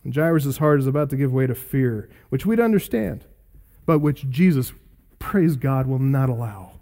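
Earnest preacher man, mellow voice. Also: medium pitch, lively intonation, moderate pace. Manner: earnest, emphatic, repeats key phrases. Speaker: pastor. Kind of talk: sermon.

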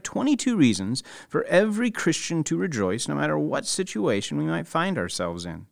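A man hosting a radio program, reading a smooth scripted introduction. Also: medium pitch, no echo. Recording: dry studio with soft music.

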